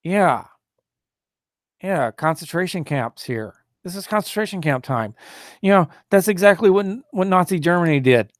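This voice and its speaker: A man's voice: high voice, lively intonation, moderate pace, dry recording, studio quality. A man hosting a solo talk show, rambling and indignant, with many fillers and restarts, who mocks opposing views in a raised, sneering voice.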